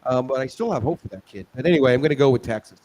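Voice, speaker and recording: A man's voice: mid-range voice, racing, darkish tone. Easygoing man reading football picks. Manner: easygoing, chuckling, loses his place. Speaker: show co-host reading picks. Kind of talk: casual sports betting chat.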